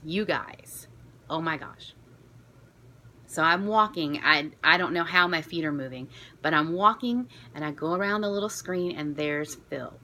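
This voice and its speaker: A woman from Florida telling a story to camera in a chatty, self-deprecating, excitable way. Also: fairly low pitch, normal speed. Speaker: vlogger.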